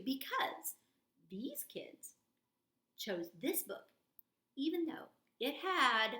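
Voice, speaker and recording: Playful high-voiced woman reading aloud. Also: big pitch swings, takes it slowly, bright, forceful tone, roomy sound. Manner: playful, silly, exaggerated reading voice. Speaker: storybook reader for children. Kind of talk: reading a picture book aloud to kids.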